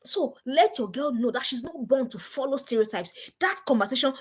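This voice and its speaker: A woman in middle age gives a motivational talk to parents. Her voice sits fairly high and sounds husky. Her pitch rises and falls widely as she presses her points with repeated questions. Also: expressive, normal speed. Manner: emphatic, repeats rhetorical questions. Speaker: parenting speaker.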